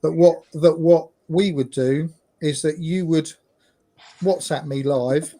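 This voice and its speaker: A man's voice: a little high, steady tone, slow, dark tone. A man talking in a recorded clip, rambling and repeating himself. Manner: rambling, repetitive.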